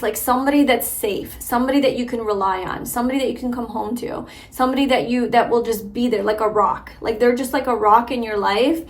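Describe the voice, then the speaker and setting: A young woman giving a casual tarot reading to a viewer, chatty and full of filler words. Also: on the high side. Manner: chatty, warm-hearted, lots of filler likes and ums. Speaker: tarot reader.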